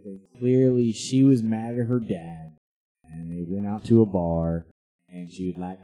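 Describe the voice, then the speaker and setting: A man with a mellow, dark voice co-hosting a comedy podcast. He recaps news stories in a rambling, hesitant way, with plenty of fillers. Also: lowish voice, unhurried. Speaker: podcast co-host. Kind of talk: casual comedic chat.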